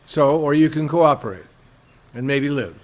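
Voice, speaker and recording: A man's voice: on the high side, moderate pace, lightly acted. A man voicing a demon king who bluntly threatens his uncle. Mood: threatening.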